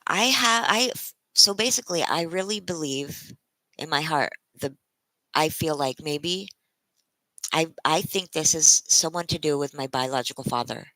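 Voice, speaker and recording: A tired woman livestreaming to her viewers, close to tears, speaking in halting, emotional bursts and restarting her sentences. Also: low voice, expressive, bright, forceful tone, no echo, rough recording. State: tired from a sleepless night. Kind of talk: casual live-stream chat.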